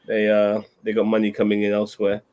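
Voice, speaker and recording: A man's voice: on the low side, completely flat delivery, quick pace, darkish tone. A man chatting casually on a show, rambling and hesitant with many fillers. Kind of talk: casual chat.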